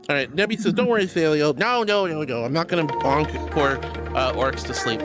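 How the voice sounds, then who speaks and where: A woman's voice: on the low side, sing-song, normal speed, loud music behind the voice. A young woman streamer chatting casually and reading out chat messages, bubbly, giggly and affectionate.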